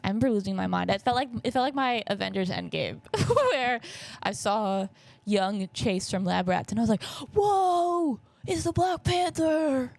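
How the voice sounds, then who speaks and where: A woman's voice: medium pitch, animated, normal speed, vocal fry, dry recording. A young woman hosting a podcast, telling stories in a rambling, jokey, self-correcting casual chat. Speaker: podcast host.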